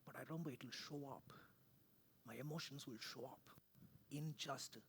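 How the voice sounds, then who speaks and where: A man, preaching conversationally, swinging from loud to hushed and often asking "right?". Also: medium pitch, moderate pace, vocal fry, slight background noise. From India. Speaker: pastor. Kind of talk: sermon. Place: church.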